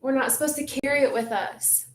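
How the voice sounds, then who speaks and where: A woman leading a group in a relaxed, reflective way, often saying "like". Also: high voice, a little fast. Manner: relaxed, reflective, says "like" a lot. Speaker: group facilitator. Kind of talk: casual wellness group talk. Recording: echoey room, faint noise.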